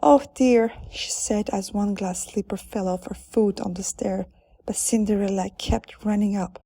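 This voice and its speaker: A woman narrating a children's storybook in a calm, deliberate way. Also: mid-range voice, vocal fry, breathy edge, no echo, studio quality.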